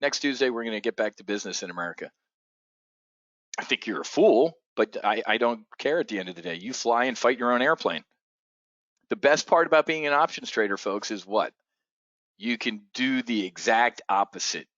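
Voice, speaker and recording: A man hosting an options trading show, giving excitable, blunt commentary full of swearing. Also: mid-range voice, moderate pace, no room sound, lo-fi sound. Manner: excitable, profane, blunt asides. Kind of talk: live market commentary.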